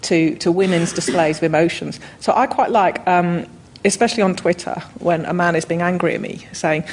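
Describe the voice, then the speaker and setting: A woman's voice: on the low side, normal speed, breathy edge. A woman on a discussion panel, talking hesitantly with many ums and restarts.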